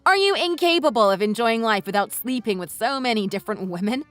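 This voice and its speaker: A woman voicing a furious wife in a text-message story, who talks in a sharp, sarcastic, cutting way. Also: a little high, animated, fairly quick, no echo, faint music behind, lightly acted. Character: furious wife confronting her in-laws.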